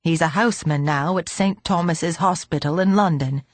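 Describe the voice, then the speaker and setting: A woman's voice: low voice, moderate pace, dry recording, lightly acted. A woman reading an audiobook, voicing a very old man who speaks dryly and fretfully. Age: older. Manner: dry, fretful.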